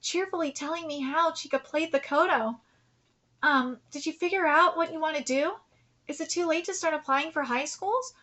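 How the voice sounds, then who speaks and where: Very high, bright-voiced woman reading manga. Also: moderate pace. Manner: emotional, near tears, laughing asides. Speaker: streamer reacting to manga. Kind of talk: reading manga aloud with live reactions.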